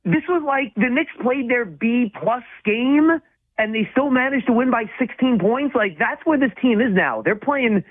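A high-voiced man talks sports in a quick, emphatic flow, restarting his sentences as he goes. His voice comes through a thin, phone-like line. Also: expressive. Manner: fast, emphatic, with repeated restarts. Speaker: sports radio co-host. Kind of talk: casual sports talk.

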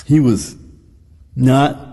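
Male preacher, folksy and repetitive in delivery, mid pitch, recorded in a reverberant hall. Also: very slow, vocal fry, warm tone, husky. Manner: folksy storytelling, repeats phrases. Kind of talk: sermon.

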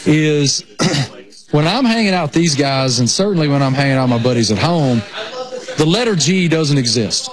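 A man's voice: a little high, expressive, moderate pace. A man with a rural Appalachian Southern accent, chatting casually as a sports broadcaster over a remote connection. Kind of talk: casual chat. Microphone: remote connection over satellite internet.

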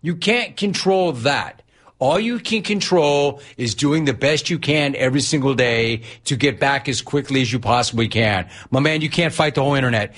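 A man's voice: medium pitch, moderate pace, fairly bright tone. A middle-aged man hosting a sports talk radio show, delivering a brash, punchy monologue. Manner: brash, punchy, mocking quotes in a whiny voice.

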